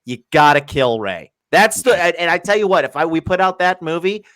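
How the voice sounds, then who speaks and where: A man co-hosting a podcast, talking in an excited, swearing way with many restarts. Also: a little high, fairly quick, no room sound. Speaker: podcast co-host. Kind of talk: casual chat.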